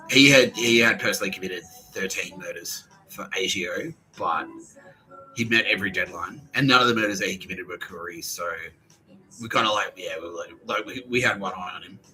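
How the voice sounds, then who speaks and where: A man's voice: low-pitched, brisk, bright, forceful tone, faint music behind, low-quality recording. An Australian man in a profane, rambling podcast monologue, acting out what other people said. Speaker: podcast host.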